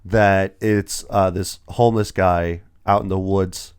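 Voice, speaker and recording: A man's voice: sits low, fairly even intonation, slow, clear, resonant tone. A young man hosting a casual movie review podcast, retelling scenes with quoted voices. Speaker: podcast host.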